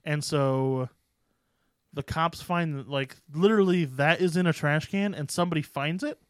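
A man co-hosting a podcast, recapping a film in a rambling, self-correcting, animated way. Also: a little high, normal speed, clear, resonant tone, no room sound, studio quality. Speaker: podcast co-host. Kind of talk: casual chat.

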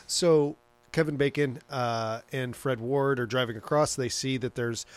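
A man's voice: mid-range voice, steady tone, a little slow, clean tone. A man hosting a casual chat, rambling through a movie recap with plenty of swearing and laughter. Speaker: podcast host recapping a movie.

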